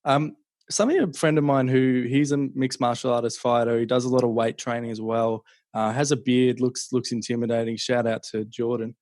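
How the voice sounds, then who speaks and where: Relaxed man, dry close sound. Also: medium pitch, a little fast, no room sound. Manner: relaxed, reflective, offers takeaways. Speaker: podcast host. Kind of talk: casual interview.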